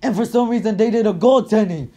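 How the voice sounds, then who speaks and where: A man's voice: high-pitched, quick pace, dark tone. A man ranting about his basketball team in an angry, heated way, swearing constantly and repeating himself. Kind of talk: angry sports rant.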